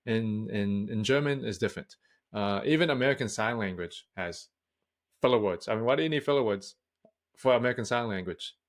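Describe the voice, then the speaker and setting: A man's voice: fairly low pitch, brisk. A man who is a public speaking coach, speaking as a guest in a casual interview in a frank, direct way. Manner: frank, direct, matter-of-fact.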